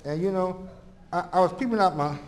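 A man telling his own story to an audience, halting and repeating himself, chuckling often and acting out the voices of others. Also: high voice, in a large hall, heavy background noise. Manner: halting and repetitive, chuckling often, acts out quoted dialogue.

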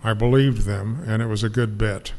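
A man's voice: on the low side, steady tone, moderate pace, a little mellow. An older man giving an earnest, emotional personal testimony about his recovery to an audience. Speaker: speaker sharing recovery story. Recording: long hall reverb, faint noise.

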